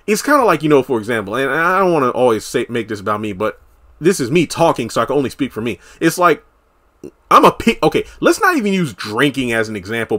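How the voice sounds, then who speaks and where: A solo TV reviewer casually recaps an episode in a chatty, animated way, acting out the characters' lines. His voice is a little high.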